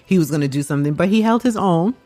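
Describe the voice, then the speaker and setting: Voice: medium pitch, lively intonation, very fast, mellow. A podcast host leading a casual film discussion, chatty and agreeable.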